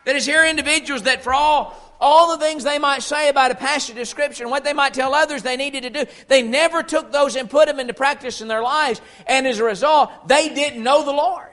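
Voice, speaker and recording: A man preaching a sermon, emphatic, slowing down when quoting Scripture and often repeating words as he restarts. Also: very high voice, a bit bright.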